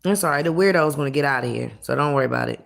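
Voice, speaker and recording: Low, gravelly, blunt-talking woman. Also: very fast. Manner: blunt, profane, animated storytelling. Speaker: livestreamer. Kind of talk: casual livestream chat.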